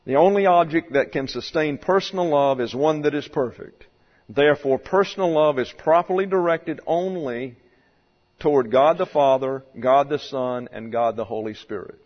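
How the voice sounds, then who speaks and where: A pastor preaching a doctrinal sermon in a church, deliberate and stressing key words as he works through numbered points. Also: a little high. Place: church sanctuary. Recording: dull sound with long hall reverb.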